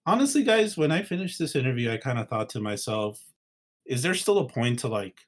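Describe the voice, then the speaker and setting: A man hosts a casual political podcast at an ordinary middle pitch. He rambles, piling up fillers and restarts as he thinks aloud. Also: big pitch swings, fairly quick. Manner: rambling, many fillers and restarts, laughing asides. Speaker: podcast host.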